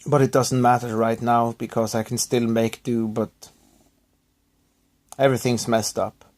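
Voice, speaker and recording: A man recovering from illness, talking to his viewers in a subdued, halting, apologetic way with many restarts. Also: mid-range voice, flat delivery, a little mellow. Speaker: YouTuber thanking subscribers. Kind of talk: rambling personal vlog.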